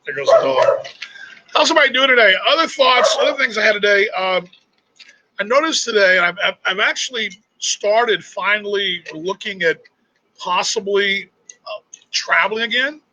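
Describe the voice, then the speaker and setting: A man's voice: high voice, moderate pace, pushed and bright, no echo, poor audio. A middle-aged man from Texas with a Texan accent, hosting a casual live chat in a rambling, chatty way. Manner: rambling, chatty, restarts often. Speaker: host.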